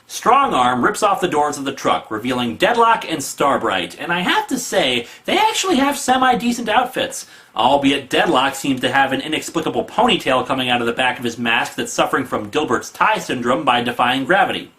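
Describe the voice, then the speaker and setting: Snarky, lively male comic reviewer. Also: mid-range voice, a little fast, hardly any pauses. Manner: snarky, mocking, animated. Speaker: comic book reviewer host. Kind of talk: sarcastic comedic review.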